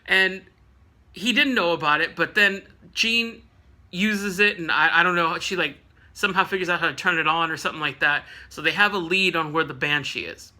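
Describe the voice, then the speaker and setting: Man, high voice, very bright tone, animated, laughing, casual comic book recap. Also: moderate pace. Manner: animated, laughing, jokey asides.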